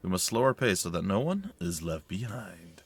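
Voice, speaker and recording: Guy reading as a chill polite princess, soft. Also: low voice, very animated, normal speed, breathy edge, exaggerated voice. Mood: calm. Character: composed young princess.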